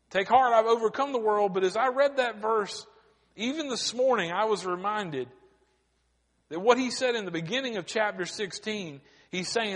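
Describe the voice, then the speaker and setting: A male pastor preaching a sermon, with dramatic pauses, building to emphatic cries. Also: high-pitched, a bit bright. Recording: long hall reverb.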